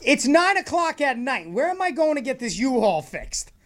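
A man telling a comic story with a lively voice that swings through a wide range of pitch. He acts out every part of the exchange himself and laughs often as the story goes on. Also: normal speed. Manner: animated, acts out both sides of exchanges.

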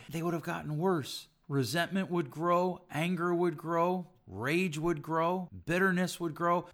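A middle-aged man with a somewhat high voice, hosting a podcast on relationships. He teaches emphatically, stacking repeated phrases and rhetorical questions as he makes his points. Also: fairly bright tone. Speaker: podcast host, relationship speaker.

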